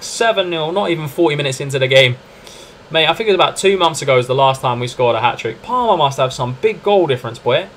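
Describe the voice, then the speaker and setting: A young man streaming a football management game, commenting live in a chatty, excitable way and calling to his viewers as lads and mates. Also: on the high side, fast talker, slight background noise. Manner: excitable, chatty, keeps addressing "lads" and "mate".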